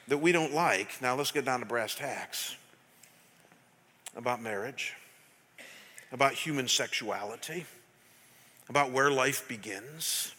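A middle-aged pastor with a fairly high, pushed and bright voice preaches a passionate, emphatic sermon, quizzing his congregation. The church sanctuary gives the recording a long hall reverb.

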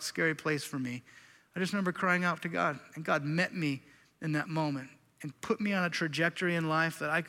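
Earnest high-voiced pastor in a reverberant sanctuary. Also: male voice. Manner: earnest, confessional, swings between loud emphasis and quiet intensity. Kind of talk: sermon. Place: church sanctuary.

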